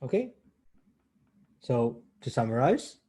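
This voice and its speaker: A man's voice: medium pitch, sing-song, takes it slowly, dark tone, slightly rough. A man giving a university math lecture in a conversational way, often correcting himself as he explains step by step.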